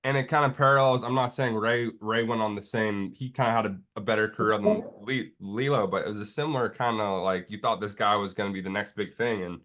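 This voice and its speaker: A man's voice: on the low side, fairly even intonation, brisk, hardly any pauses, a bit bright. A man chatting casually on a podcast, easygoing and a little hesitant, often chiming in with short agreement. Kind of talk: casual chat.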